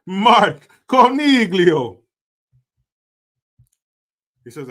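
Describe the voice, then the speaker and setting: A man's voice: fairly high pitch, expressive, a little slow, sharp tone. A man hosting a livestream, joking crudely, laughing often and reading out viewer donations in casual commentary. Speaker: livestream host.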